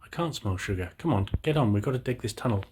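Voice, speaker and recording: A man voicing a busy mummy mole, brisk and dismissive. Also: fairly low pitch, animated, darkish tone, slight background noise, close to an everyday voice. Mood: impatient.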